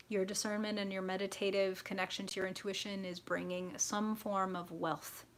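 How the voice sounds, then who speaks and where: A woman's voice: mid-range voice, fairly bright tone. A young adult woman hosting a live tarot reading, chatty and frank, swearing freely and answering viewer comments.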